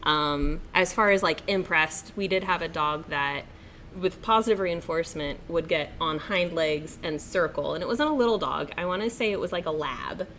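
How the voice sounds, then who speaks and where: A woman's voice: low-pitched, moderate pace, a bit bright, slight background noise. A woman guest on a casual chat show, talking eagerly about pets and her pet care business. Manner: chatty, enthusiastic, self-described dog training nerd.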